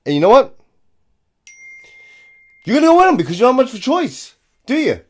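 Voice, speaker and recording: A man's voice: very high-pitched, sing-song, a little fast. A man, a police officer giving a profane, scornful ranting commentary.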